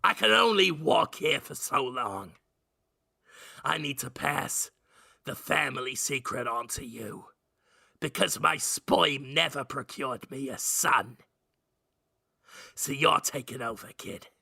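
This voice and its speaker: A man voicing a gruff old male lighthouse keeper, low and drawn out. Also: expressive, takes it slowly, long pauses, pushed and bright, dry recording, clean studio sound, heavily acted. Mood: gravelly scheming.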